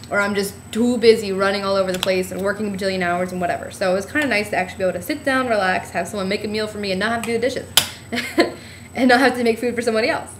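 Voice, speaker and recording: A young woman telling a chatty, rambling story of her trip in a casual vlog, acting out what people said. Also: a little hiss or hum. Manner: chatty storytelling, acts out quotes with a bright high voice. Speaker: vlogger.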